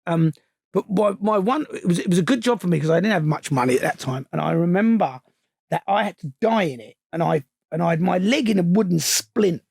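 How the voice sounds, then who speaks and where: A middle-aged man with a gravelly, husky voice, a film director chatting as an interview guest, stumbling over restarts and growing animated as he tells anecdotes. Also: sits high, brisk, no echo, studio quality. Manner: hesitant restarts, animated when telling stories. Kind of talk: casual anecdote-telling.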